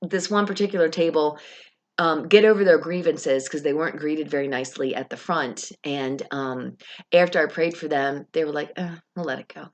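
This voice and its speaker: A young adult woman telling a lively, casual story about her faith, acting out her own words and other people's as she goes. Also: deep voice, normal speed. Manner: animated, rising excitement, quoting herself and others. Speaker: vlogger sharing a faith testimony.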